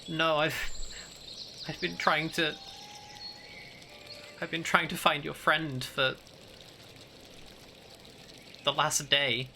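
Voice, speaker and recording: A man's voice: a little high, steady tone, gravelly, noisy background. Man voicing a frightened timid young woman. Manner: hesitant, halting, soft-spoken.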